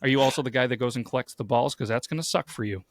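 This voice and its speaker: A man's voice: mid-range voice, very fast, no room sound, clean studio sound. A married man hosting a podcast, telling stories in a blunt, profane, casual way. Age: adult, married. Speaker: podcast host. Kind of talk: casual chat.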